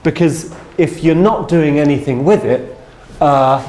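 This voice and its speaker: A man's voice: fairly high pitch, unhurried, background noise. A man giving a sales training seminar from a stage, telling a story in a chatty way and checking in with the audience. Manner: anecdotal, chatty, checks in with "yeah?".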